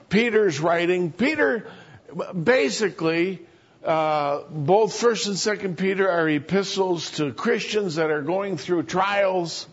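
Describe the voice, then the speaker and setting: A man preaching in a slow, deliberate sermon voice, somewhat high for a man and a little husky. He leans on rhetorical questions and earnest emphasis. The recording sounds dull and lo-fi. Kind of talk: sermon with scripture reading and prayer.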